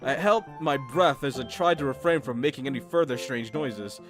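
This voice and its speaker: Animated man narrating a visual novel. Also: normal speed. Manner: animated, laughs at himself, drops low for narration. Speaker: gamer reading a visual novel aloud. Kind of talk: playthrough narration with joking commentary. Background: game music.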